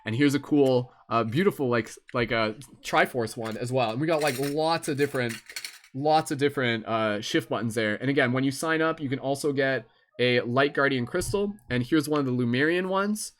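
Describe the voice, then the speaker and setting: A man's voice: mid-range voice, moderate pace, fairly bright tone. A young man with a Canadian accent hosting a live stream, chatting casually and rambling with lots of fillers. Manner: laid-back, rambling, with many fillers.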